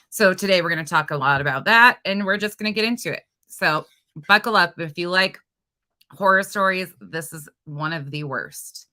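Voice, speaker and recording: A low-voiced woman hosts a true crime livestream, keeping the chat casual while reading viewer comments aloud with expressive energy.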